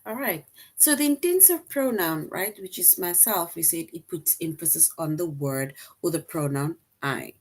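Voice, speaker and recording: A woman's voice: fairly low pitch, animated, normal speed, hardly any pauses, darkish tone, poor audio. A woman teaching a recorded grammar lesson, explaining step by step, repeating her example sentences and often checking in with "right?".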